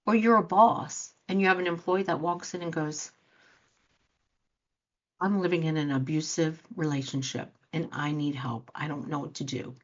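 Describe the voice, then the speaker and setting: A woman's voice: low voice, fairly even intonation, normal speed. A woman life coach giving an earnest motivational talk to listeners, acting out quoted reactions as she speaks. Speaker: life coach and show host. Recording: dull lo-fi sound.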